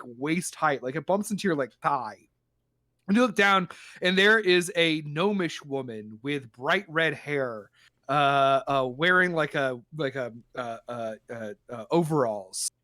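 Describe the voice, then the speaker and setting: A man narrating as game master of a tabletop game, loose and halting with many fillers. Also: a little high, sharp tone, no echo, clean studio sound.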